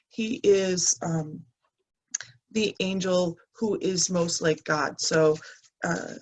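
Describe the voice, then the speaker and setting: A woman coach giving a heartfelt spiritual talk, reading aloud from angel cards with soft, emotional pauses and restarts. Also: fairly low pitch. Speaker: mind health coach.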